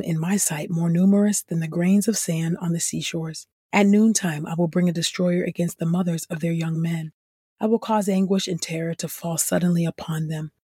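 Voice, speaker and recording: A woman reading scripture aloud in a steady, earnest way, lifting her voice on the pleas. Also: on the low side, breathy edge, dry recording, clean studio sound. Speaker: scripture reader.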